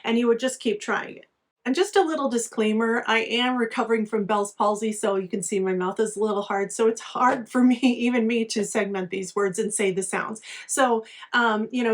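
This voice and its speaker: A woman teacher explaining a lesson in an instructional video, patient and explanatory, slowing down to sound out words. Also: on the high side.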